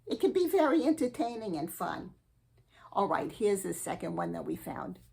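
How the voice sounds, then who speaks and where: A woman hosting a spiritual advice show, giving a slow, earnest and sweetly eccentric comic monologue. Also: mid-range voice, very animated, creaky, darkish tone, slightly rough.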